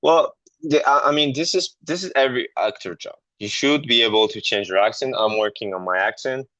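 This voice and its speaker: A man with a French accent, a guest actor chatting candidly on a podcast, often pausing to search for words in English. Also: mid-range voice, sharp tone, dry recording, rough recording. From France. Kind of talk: casual podcast conversation.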